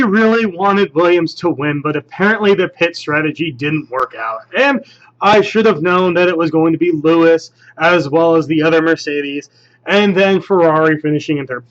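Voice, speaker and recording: A man's voice: on the high side, animated, normal speed, a bit bright, lo-fi sound. A man co-hosting a live show, bantering casually and answering viewer questions. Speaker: co-host. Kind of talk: casual live stream chat.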